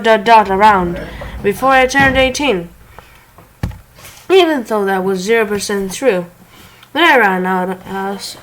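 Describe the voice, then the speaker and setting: A woman reads a revenge story aloud in an unhurried, slow way. She trips over words, backs up to correct herself and drops offhand joking asides between passages. Her pitch sits in the middle for a woman. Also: low-quality recording. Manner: stumbling, self-correcting, laughing asides. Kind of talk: casual story reading with asides.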